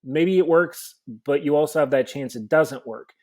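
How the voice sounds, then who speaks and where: A man's voice: fairly high pitch, normal speed, a little mellow. A man co-hosting a podcast, explaining mock trial technique in a coaching, conversational way. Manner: explanatory, coaching tone with rhetorical questions.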